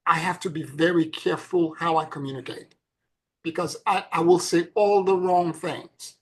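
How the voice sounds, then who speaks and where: A woman's voice: fairly low pitch, moderate pace, breathy edge. A woman co-hosting a casual spiritual discussion, telling stories with many stammered restarts. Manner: stammering restarts, animated storytelling.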